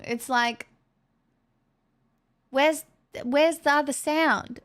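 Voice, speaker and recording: A woman with an Australian accent chats casually with her live stream audience. Her voice sits a little on the high side, and she talks at an unhurried pace. She is playful and jokey, laughing often. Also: fairly even intonation, a bit bright. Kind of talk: casual chat with viewers.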